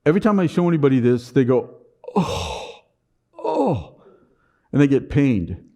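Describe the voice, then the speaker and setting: A conference speaker on stage gives a motivational talk at a quick pace, his mid-range voice animated and warm. He often repeats a word as he opens a sentence, and his humor runs dry and sarcastic.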